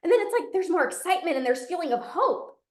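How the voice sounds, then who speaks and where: A woman's voice: very high voice, lively intonation, fast talker, reverberant. A woman, a binge eating coach, giving an emphatic motivational talk to a live audience and repeating her key phrases.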